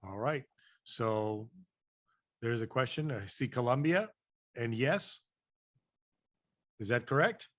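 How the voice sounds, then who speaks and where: A man's voice: medium pitch, expressive, slow, long pauses, fairly bright tone, no echo. Easygoing male host leading a webinar; friendly, conversational, dry close recording. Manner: friendly, chatty, runs a trivia quiz. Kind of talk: casual webinar hosting. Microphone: online video call.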